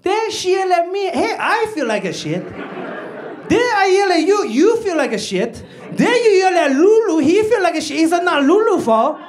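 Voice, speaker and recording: A man voicing his strict immigrant father, who lectures in slow, solemn proverbs and broken English. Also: very high voice, big pitch swings, a little hiss or hum, pitched above the performer's own voice. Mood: lecturing.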